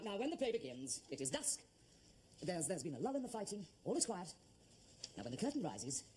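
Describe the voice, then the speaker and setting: An actor playing a fussy amateur theatre director who gushes and stammers. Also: male voice, high-pitched. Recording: noisy old TV soundtrack.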